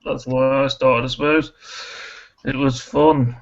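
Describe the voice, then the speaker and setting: A man's voice: mid-range voice, flat delivery, unhurried, vocal fry. A man speaking in an easygoing, reflective way on a live stream panel. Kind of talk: casual chat. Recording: dull lo-fi live stream audio.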